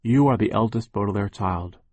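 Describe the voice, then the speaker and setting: A man voicing parents solemnly giving their eldest child a duty, in his own low, earnest voice. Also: fairly quick, a little mellow, lightly acted.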